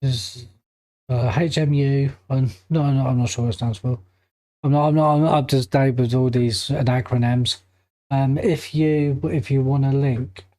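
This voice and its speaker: A man's voice: mid-range voice, steady tone, measured pace, mellow, no echo. A man hosting a reaction video, indignant and swearing heavily as he comments. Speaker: reaction channel host.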